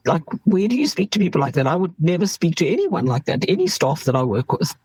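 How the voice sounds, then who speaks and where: A middle-aged woman from South Africa talks candidly as an emergency doctor being interviewed, with a husky, breathy edge to her voice. She tells her stories in an animated way and laughs easily. The sound is dry and close. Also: fairly low pitch, quick pace, few pauses, no echo, poor audio.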